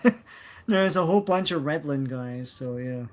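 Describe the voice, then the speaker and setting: A man chatting in a relaxed, agreeable way as a co-host on a comics podcast. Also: a little high, moderate pace. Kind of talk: casual podcast chat.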